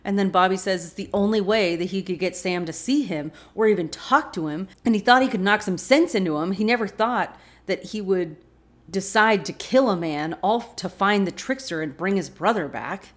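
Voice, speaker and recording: A woman's voice: medium pitch, normal speed. A woman hosting a rewatch show, casually recapping an episode and reacting with feeling as she retells it. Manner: expressive, reacts emotionally while retelling.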